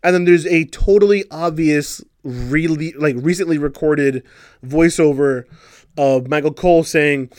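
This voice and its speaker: A man giving casual, sarcastic opinion commentary as a wrestling show reviewer, exasperated and animated as he tells the story. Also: fairly high pitch, unhurried, dry recording, studio quality.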